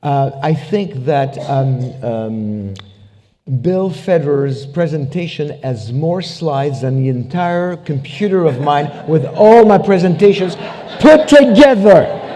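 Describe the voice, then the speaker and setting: A man speaks at a church conference, his voice rather high but dark and mellow. his jokes are peppered with casual fillers, and a long reverb trails his words around the hall. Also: takes it slowly. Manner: joking, lots of "you know" fillers. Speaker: conference speaker, ministry founder.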